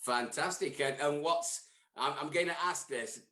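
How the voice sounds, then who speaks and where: A male podcast host with a bright, ringing voice, trading jokey banter with the people he meets. He sits a little higher than most men, and his voice bounces around an echoey hall. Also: a little slow. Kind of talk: casual on-the-floor interviews.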